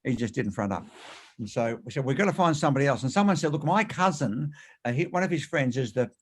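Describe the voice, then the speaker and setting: Male author, rapid storyteller, emphatic, interview guest. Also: mid-range voice. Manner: animated anecdotes, quick and emphatic.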